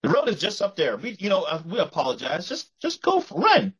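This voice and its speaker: A man's voice: high voice, huge pitch swings, a little fast, fairly bright tone, slightly rough, heavily acted. A man voicing a smug adult hunter who taunts the children he is about to chase, in a mock-friendly tone.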